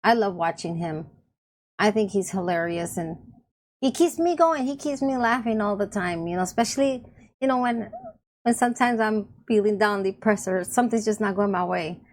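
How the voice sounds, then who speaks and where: A woman's voice: medium pitch, lively intonation, moderate pace. A woman YouTuber chatting casually about online friends, laughing often and rambling with restarts. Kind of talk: casual rambling chat to camera.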